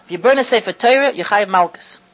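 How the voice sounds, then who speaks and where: A woman teaching a religious lecture to an audience, stressing key words slowly and often restarting phrases as she thinks aloud. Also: medium pitch, expressive, low-quality recording. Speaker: Torah lecturer.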